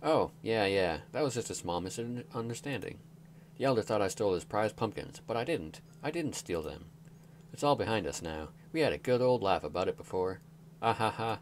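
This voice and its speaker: A man's voice: lowish voice, expressive, normal speed, a little hiss or hum, natural voice. A man voicing a cheerful, shifty young villager who insists he is innocent, read aloud from a game. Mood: breezy. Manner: breezy, protesting innocence.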